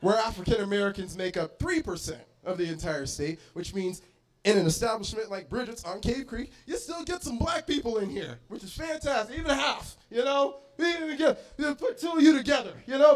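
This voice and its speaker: Young guy doing standup in a bar, kinda high voice, gets loud and animated. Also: a little fast, soft background music. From Arizona. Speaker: stand-up comedian. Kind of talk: stand-up comedy set. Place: bar comedy stage.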